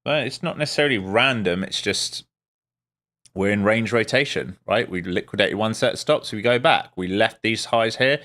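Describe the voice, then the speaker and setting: Low-voiced man giving wry market commentary. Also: moderate pace, fairly bright tone. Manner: casual, wry, muttering asides to viewers. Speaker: day trader streaming live.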